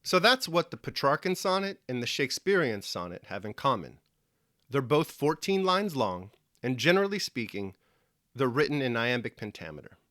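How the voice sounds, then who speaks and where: Lively-voiced man teaching a lesson. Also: medium pitch, moderate pace, no echo, studio quality. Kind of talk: scripted lesson narration.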